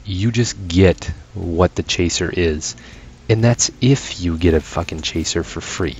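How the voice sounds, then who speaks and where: Deep slow-talking ranting man. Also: animated, highs cut off, slight background noise. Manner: ranting, profane, sarcastic asides. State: tired late at night. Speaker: gaming channel host. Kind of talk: casual gameplay commentary.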